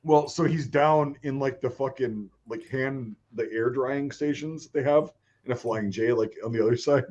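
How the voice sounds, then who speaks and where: A man's voice: medium pitch, moderate pace. A man telling a crude story in casual chat, swearing constantly and laughing often. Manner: animated, laughing, swears a lot. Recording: dull lo-fi sound.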